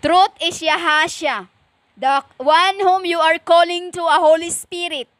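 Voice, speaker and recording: Woman, stern lecturing preacher; very slow, halting delivery, bright tone. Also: very high-pitched, steady tone, no room sound. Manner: stern and lecturing, slow with many pauses and fillers. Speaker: self-styled preacher. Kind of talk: impassioned spiritual monologue.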